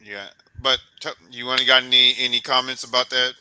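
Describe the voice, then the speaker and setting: Sports podcast host, male, very bright and forceful tone, mid pitch, animated and coach-like. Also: fairly quick, clean tone, low-quality recording. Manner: animated, beats out rhythms with repeated "boom" sounds; loose, repetitive, encouraging coach-like talk. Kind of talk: casual sports interview chat.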